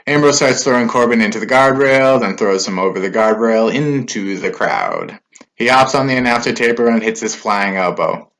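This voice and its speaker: Bright-voiced man recapping a wrestling show. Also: on the low side, lively intonation, moderate pace. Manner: conversational, loose fillers and asides. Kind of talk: casual recap.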